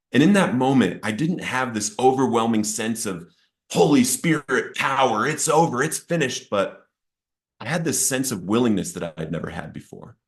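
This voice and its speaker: A man sharing a personal testimony of addiction and recovery, earnest and emotional, his voice rising sharply at the intense moments. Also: on the low side. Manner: earnest, emotional storytelling, rising to near-shouting at peaks. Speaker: testimony speaker.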